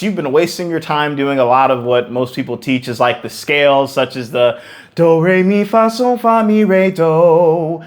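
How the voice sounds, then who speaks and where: A man teaching singers as a vocal coach, talking emphatically, repeating words for stress and breaking into short sung demonstrations. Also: mid-range voice. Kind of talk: singing lesson to camera.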